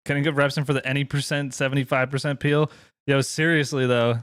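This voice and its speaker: A man's voice: mid-range voice, flat delivery, a little fast, fairly bright tone, clean tone. A young man streaming live, chatting casually with his viewers in a laid-back way with some mild swearing.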